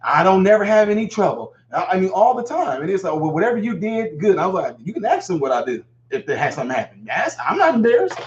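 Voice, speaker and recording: A middle-aged man hosts a casual call-in show, telling stories and acting out scenes. His voice sits a little high. The sound is echoey and dull, lo-fi. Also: fast, few pauses. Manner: animated storyteller, acts out scenes. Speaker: host. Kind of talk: casual live call-in talk.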